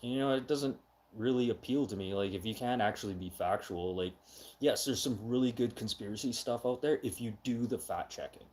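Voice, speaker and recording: A middle-aged man hosting a casual live chat, talking loudly and with heavy emphasis, getting excitable when he has an opinion. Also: mid-range voice, fairly quick. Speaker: live stream host.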